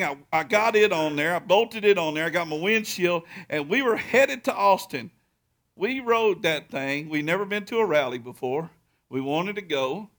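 A man preaching a sermon as pastor, telling a story with loud excited peaks and quiet low stretches.

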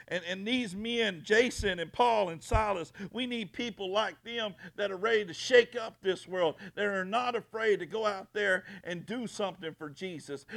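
A man's voice: high voice, creaky, a bit bright. A male pastor preaching a fiery sermon, repeating himself and stumbling over restarts.

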